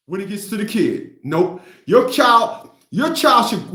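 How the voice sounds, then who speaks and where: Host, middle-aged man, high voice, blunt mocking rant, echoey room. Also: expressive, normal speed, a bit bright. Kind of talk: livestream rant.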